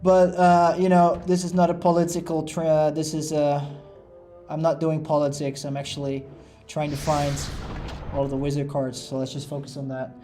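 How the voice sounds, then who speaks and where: Man, let's play commentary, rambling, filler-heavy, slightly high voice, faint music behind. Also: completely flat delivery, moderate pace, mellow. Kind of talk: casual gameplay commentary.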